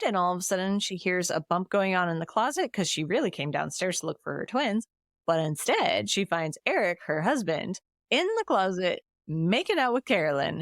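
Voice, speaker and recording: A woman co-hosts a podcast and retells a film's plot in a casual, lively way. Her voice sits a little low, she slips into quoted lines now and then, and the close mic sounds dry. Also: dry recording. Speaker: podcast co-host recapping a film. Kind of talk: casual chat, plot recap.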